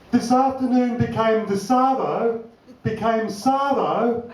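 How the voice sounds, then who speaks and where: A man's voice: sits high, steady tone, darkish tone, distant mic, slight background noise. An older Australian man doing a wry, swearing stand-up comedy set on a club stage. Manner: wry, swearing, does quick voices for others. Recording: roomy club sound from afar, audience.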